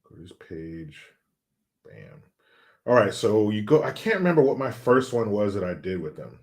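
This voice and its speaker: A man's voice: on the low side, sing-song, normal speed. A middle-aged man hosting a casual livestream, reading viewer comments in a loose, joking, sometimes profane way. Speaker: livestream host.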